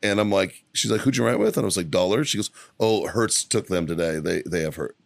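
A man's voice: sits low, a little fast, vocal fry, no echo. A man co-hosting a casual podcast, telling rambling, profane stories about his weekend from a studio. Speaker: podcast co-host. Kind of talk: casual storytelling chat.

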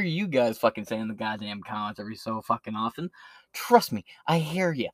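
A man delivers a free-form podcast rant, crude and rambling, swearing nonstop. His voice sits at an ordinary middle pitch. The sound is close and dry, with no room around it. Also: big pitch swings, a little fast, a bit bright, no echo. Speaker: podcast host.

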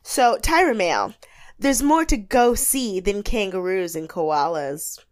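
Animated, chatty woman podcast co-host. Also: medium pitch, slow pace. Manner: animated, chatty, many fillers. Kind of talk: casual recap chat.

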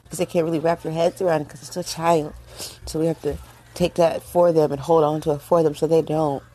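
A middle-aged woman from the United States, hosting a casual monologue, speaking emotionally and haltingly with many fillers and restarts, tearful. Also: low-pitched, flat delivery, dark tone. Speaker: host. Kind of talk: casual monologue on current events.

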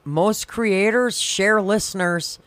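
A man co-hosting a podcast, his voice a bit higher than most men's. He swears casually, laughs often and chimes in with short agreements, recorded close and dry. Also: fairly bright tone, no room sound. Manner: profane, laughs often, quick agreeing interjections. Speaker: podcast co-host and creator. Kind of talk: casual chat.

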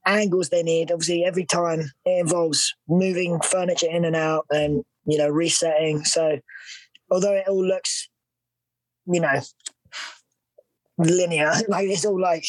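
A man's voice: on the high side, little pitch movement, measured pace, no room sound, rough recording. Chatty British man telling stories. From United Kingdom. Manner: chatty storyteller, full of fillers and laughs. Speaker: guest actor. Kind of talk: casual podcast interview.

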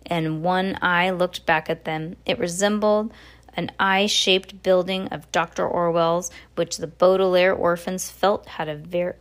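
A woman reading a children's novel aloud in a plain, steady way. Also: fairly low pitch. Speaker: audiobook reader. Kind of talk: audiobook narration.

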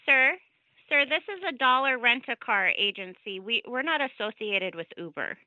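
A woman's voice: a little high, expressive, normal speed, pushed and bright, muffled recording. A woman working as a car rental agent on the phone, polite but stammering and confused. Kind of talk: phone customer service.

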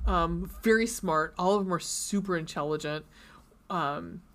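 A woman's voice: fairly low pitch, unhurried, fairly bright tone. Rambling woman podcast co-host. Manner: rambling with many fillers and restarts. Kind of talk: casual chat.

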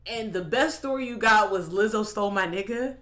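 A woman's voice: mid-range voice, fairly quick, a bit bright. A woman hosting a podcast, chatting casually with lots of laughs, profanity and filler "like"s. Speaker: podcast host. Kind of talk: casual chat commentary.

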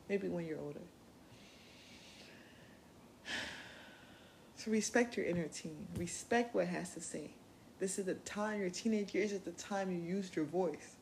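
A woman's voice: mid-range voice, vocal fry, darkish tone, slight background noise. A woman hosting a podcast, giving casual self-help talk in a blunt, profane and playful way. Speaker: podcast host.

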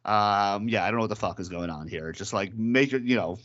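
A man's voice: on the low side, brisk, fairly bright tone, lo-fi sound. A man co-hosting a podcast, rambling animatedly with lots of fillers. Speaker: podcast co-host. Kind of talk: casual chat about a TV episode.

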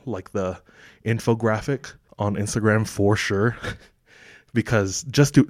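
A man with a fairly low voice talks through a story in a loose, casual podcast chat. He fills gaps with "like" and "you know". The sound is dry and close to the mic. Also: a little mellow, no room sound. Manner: laid-back storytelling with many fillers. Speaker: podcast co-host.

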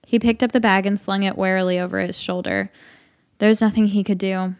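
Woman narrator, dry steady storytelling, mid-pitched voice. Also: brisk. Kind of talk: audiobook narration of a comic short story.

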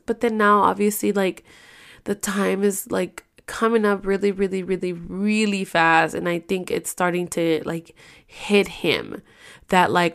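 A woman vlogger chatting to her viewers, her voice full of gravelly fry. She rambles through a personal story with plenty of swearing, talking straight to the camera in an easygoing, unscripted way. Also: fairly low pitch, steady tone, measured pace.

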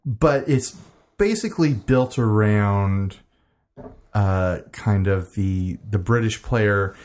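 A man's voice: on the low side, animated, takes it slowly, darkish tone. A man co-hosting a casual podcast, chatting in a rambling, enthusiastic way and laughing easily. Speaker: podcast co-host. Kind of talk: casual chat.

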